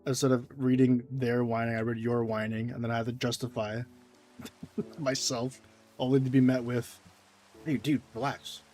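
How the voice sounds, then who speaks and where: A man's voice: medium pitch, level tone, moderate pace, darkish tone. A man giving casual, rambling gameplay commentary as a streamer, self-deprecating and reading chat, over faint game music. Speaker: gaming streamer.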